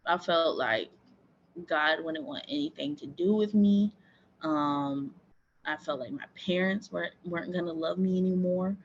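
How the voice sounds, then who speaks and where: A woman's voice: on the low side, dull audio, slight background noise. Earnest young woman telling her story. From Florida. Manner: earnest, emotional, reflective. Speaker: interview guest, sports team owner. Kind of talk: candid personal storytelling.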